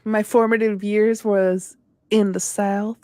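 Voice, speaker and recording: A woman's voice: medium pitch, little pitch movement, slow, mellow, no echo, clean studio sound. A young woman from South Florida, co-hosting a casual chat, telling stories and laughing often. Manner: chatty storyteller who laughs often. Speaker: podcast co-host. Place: home in Miami.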